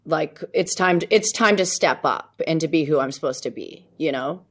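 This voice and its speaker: A woman's voice: low voice, lively intonation, moderate pace. A woman being interviewed as a real estate agent, self-assured and upbeat, often laughing at her own lines. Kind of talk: casual interview talk.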